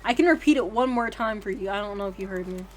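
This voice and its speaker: A woman's voice: medium pitch, animated, quick pace, slight background noise. A young woman streaming a game, chatting casually in a rambling, profane, giggly way. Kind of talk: casual livestream chat.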